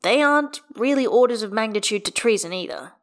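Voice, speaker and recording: A wry, patient dad who meets chaos with dry, mild exasperation, as a woman reading aloud puts him on. The voice sits a little above her usual and swings lively through each line, in a storybook reading. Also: on the high side, a little fast, pitched above the performer's own voice, natural voice. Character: wry, patient father, a wizard.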